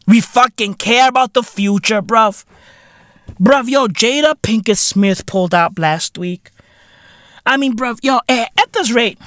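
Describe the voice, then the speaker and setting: A man hosting a podcast, delivering a profane comedic rant full of street slang and sudden shouted bursts. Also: very high-pitched, no room sound, studio quality. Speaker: podcast host.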